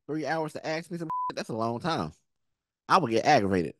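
Animated slangy man reacting to a movie. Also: mid-range voice, fairly quick, noisy background. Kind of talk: casual movie reaction commentary.

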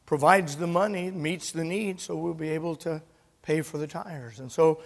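Animated preacher man in a reverberant hall. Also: on the high side, normal speed, vocal fry. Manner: animated storyteller, acting out dialogue. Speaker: pastor. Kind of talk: sermon with personal story. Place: church sanctuary.

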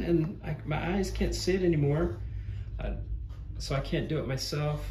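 A man's voice: on the high side, moderate pace, echoey room, a little hiss or hum. A man chatting through an unboxing, often dropping into awed whispers. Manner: slips into hushed whispers of awe. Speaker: vlogger unboxing a gift. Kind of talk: excited unboxing chat.

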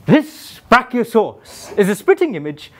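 A man playing a grandiose theme-park founder presenting his dinosaurs in a live comedy sketch. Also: high-pitched. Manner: showman presenter, slow and lively.

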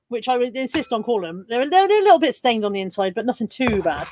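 High-voiced woman chatting through a haul. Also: very animated, fast talker, a little mellow, slight background noise. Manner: chatty and jokey, laughs often, reads out viewer comments. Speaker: livestream host. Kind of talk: casual live haul chat.

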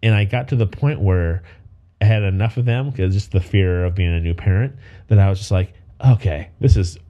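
A man's voice: low-pitched, fairly quick, dark tone, lo-fi sound. A man co-hosting a podcast in casual chat, openly emotional and swearing freely. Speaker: podcast co-host.

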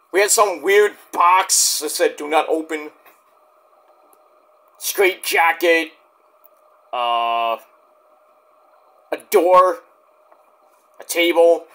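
Animated, bright-voiced man reviewing wrestling. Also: on the high side, slow, long pauses. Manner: rambling, swearing, jokey asides. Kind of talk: casual spoken review.

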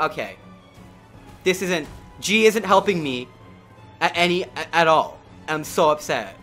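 A man doing let's play commentary with a bright, lively voice that swings between yelling at the game and muttering to himself. He curses freely, and quiet game music plays behind him. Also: fairly high pitch, normal speed. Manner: excitable, swears a lot, mutters to himself, yells at the game. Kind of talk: gameplay commentary.

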